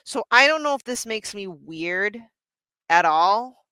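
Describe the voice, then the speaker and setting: A middle-aged woman co-hosting a podcast in casual chat, animated and chatty, laughing often and restarting her sentences. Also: medium pitch, slow pace, clear, resonant tone, no echo. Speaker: podcast co-host.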